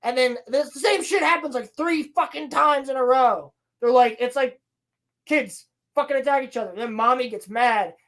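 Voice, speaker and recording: Woman podcast host, sarcastic and foul-mouthed, slightly high voice, casual recap. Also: normal speed, a bit bright. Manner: sarcastic, profane, mocking impressions of characters. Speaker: podcast host reviewing a TV episode.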